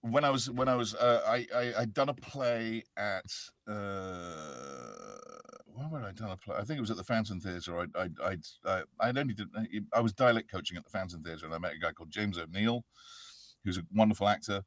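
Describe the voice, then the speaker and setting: Middle-aged English actor, lowish voice, lively interview guest; dry studio sound. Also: male voice, fairly quick, no echo. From England. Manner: animated, expressive, playful. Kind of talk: casual interview chat.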